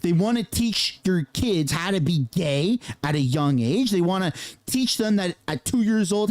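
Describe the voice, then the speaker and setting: A man hosting a casual political commentary rant, swearing and mocking other people with quick impressions. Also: sits high, expressive, no room sound.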